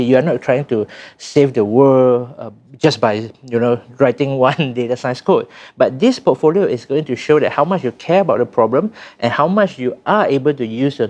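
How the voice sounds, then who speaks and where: A man's voice: mid-range voice, a little mellow. Man with a Southeast Asian lilt. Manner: thoughtful, restarts often, lightly stammering. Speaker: podcast co-host, data science trainer. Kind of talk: casual podcast chat.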